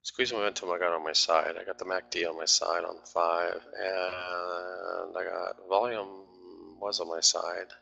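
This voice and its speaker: A man's voice: low-pitched, fairly even intonation, brisk, creaky, few pauses, pushed and bright, lo-fi sound. A man talking through live trades on a stream, grumbling and swearing at his trading platform.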